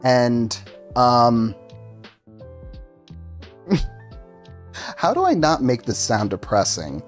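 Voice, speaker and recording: A man streaming a game, telling a story casually and laughing often through it in a loose, self-mocking way. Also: on the low side.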